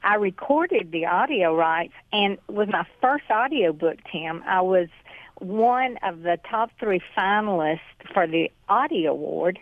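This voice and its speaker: A woman's voice: medium pitch, animated, unhurried, no room sound. Southern woman with a tinny, dry sound. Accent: Southern US (Georgia). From Georgia, US. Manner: chatty, drawling, laughs easily. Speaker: author and guest. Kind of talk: morning show interview. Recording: dry, thin phone-like sound.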